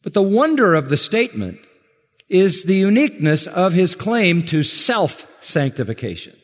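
A man's voice: high-pitched, sing-song. Emphatic male preacher in a reverberant hall. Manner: measured, emphatic preaching with slow stressed phrases. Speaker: pastor. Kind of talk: sermon.

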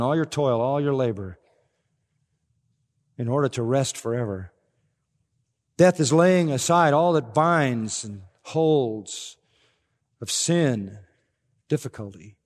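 A man's voice: medium pitch, expressive, slow, pauses often. An older man preaching an expository sermon as pastor, rising to emphatic swells. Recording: long reverb of a large hall.

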